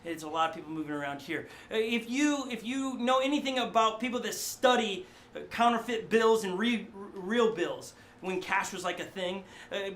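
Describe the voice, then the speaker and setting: A middle-aged male pastor preaching a sermon in a studio, animated and conversational, often acting out voices. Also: high voice, normal speed, a little hiss or hum.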